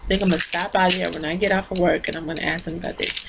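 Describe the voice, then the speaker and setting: A woman's voice: on the low side, steady tone, very fast, gravelly, very noisy. A tired woman rambling through a casual lipstick review into her phone, talking straight to her viewers. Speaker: beauty vlogger.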